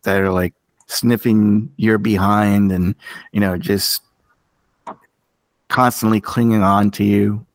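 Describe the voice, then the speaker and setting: A podcast co-host chats casually, opinionated and animated, his pitch jumping up for emphasis. He speaks slowly with long pauses, and there's no echo.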